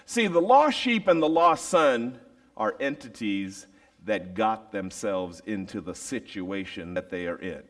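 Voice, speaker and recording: Animated slow-paced preacher man. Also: lowish voice. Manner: animated storytelling with dramatic pauses. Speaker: teacher. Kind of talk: storytelling sermon.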